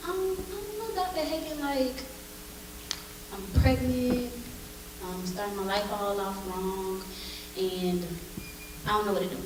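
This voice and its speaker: A woman's voice: mid-range voice, noisy background. A woman, chatting directly with an audience as she tells a personal story at a school showcase. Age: 20s. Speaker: alumna speaker and singer. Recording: echoey hall, distant mic.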